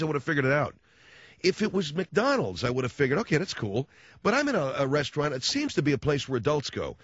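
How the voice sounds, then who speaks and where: A man's voice: a little high, fairly bright tone, dry recording, lo-fi sound. A man hosting a radio show, telling a comic, sarcastic story in a rambling monologue with many restarts. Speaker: radio host.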